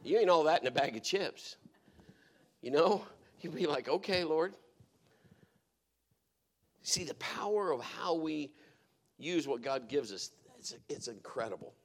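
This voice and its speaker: A middle-aged man preaching a sermon, telling stories and swinging between hushed, quiet passages and loud, emphatic exhortation. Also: on the high side, expressive, normal speed. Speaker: pastor.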